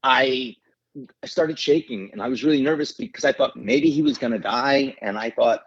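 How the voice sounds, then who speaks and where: A middle-aged man, an actor, telling an emotional story in an interview, earnest and halting, with many restarts. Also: mid-range voice, very animated, gravelly. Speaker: actor guest. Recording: dull lo-fi sound.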